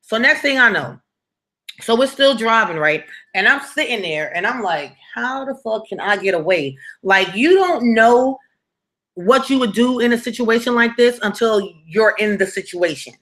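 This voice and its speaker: Bright-voiced woman telling a story. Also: fairly high pitch, expressive, moderate pace. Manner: dramatic and conversational, with frequent tag questions to the viewer. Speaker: storytime vlogger. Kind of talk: casual storytelling.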